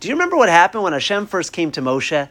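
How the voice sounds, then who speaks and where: A man's voice: high voice, wildly swooping pitch, quick pace, a bit bright. A man teaching a Torah class on the weekly portion, quoting Hebrew sources from a sheet and acting out the exchanges as he explains them.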